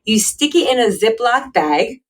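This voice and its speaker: Woman podcast host, chatty and animated, higher pitched, recorded a bit away from the mic. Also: a little slow, recorded from a distance, rough recording. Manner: chatty, animated, acts out quoted voices. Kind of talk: casual solo podcast storytelling and tips.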